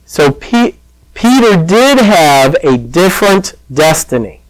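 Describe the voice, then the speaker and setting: Animated male pastor preaching. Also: a little high, slow, no echo, low-quality recording. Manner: animated storytelling, acting out quoted voices. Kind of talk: sermon.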